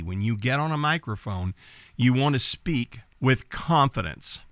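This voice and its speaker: A middle-aged man from East Texas with a light Texas accent, coaching listeners in a direct, confident podcast talk with pitch jumps for emphasis. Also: fairly bright tone, no echo, clean studio sound. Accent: light Texas accent, mostly neutral. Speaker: entertainment business coach, podcast host.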